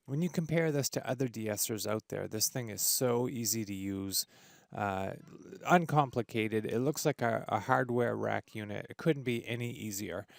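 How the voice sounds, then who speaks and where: A man hosting a casual audio software tutorial, enthusiastic and full of fillers and restarts. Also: fairly low pitch, moderate pace, creaky, dry recording, clean studio sound. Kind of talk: screen-recorded software tutorial. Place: home studio with treated room.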